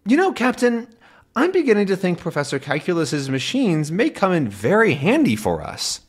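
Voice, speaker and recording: A man's voice: high-pitched, huge pitch swings, moderate pace, husky, pitched above the performer's own voice, full character voice. Tintin, a man doing an earnest young reporter. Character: young male reporter, brave and level-headed.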